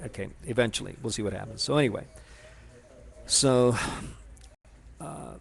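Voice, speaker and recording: A man telling a personal story in a rambling, halting way, full of restarts and fillers, speaking to someone he addresses directly. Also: mid-range voice, vocal fry.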